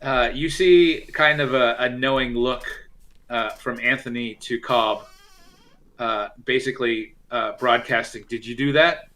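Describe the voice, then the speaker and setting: A man's voice: mid-range voice, steady tone, a little slow, a bit bright. A man running a tabletop role-playing game, narrating casually with many fillers. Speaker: game master.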